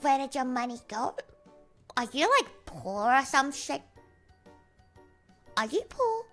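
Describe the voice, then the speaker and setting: A woman's voice: high-pitched, a little slow, a bit bright. A young woman streamer in casual chat, playful and giggly, rambling through absurd jokes. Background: faint music.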